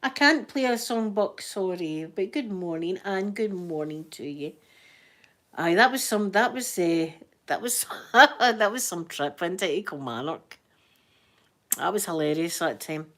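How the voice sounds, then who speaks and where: A woman's voice: lowish voice, lively intonation, unhurried, a bit bright. Chatty Scottish woman telling stories. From Scotland. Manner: chatty storyteller, laughs often, acts out quoted voices. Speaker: livestream host chatting to viewers. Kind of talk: casual chat.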